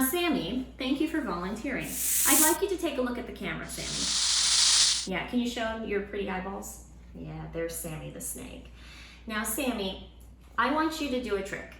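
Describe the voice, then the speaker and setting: A woman teaching a Sunday school lesson to children at home, in a lively, encouraging way. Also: mid-range voice, moderate pace, a little hiss or hum. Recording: roomy room sound with faint ambience.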